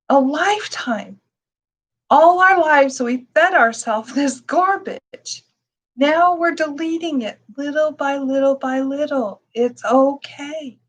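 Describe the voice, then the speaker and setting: Slow, soothing high-voiced woman teacher. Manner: soothing, repeats reassurances, laughs softly. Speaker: meditation teacher. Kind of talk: gentle spoken meditation teaching.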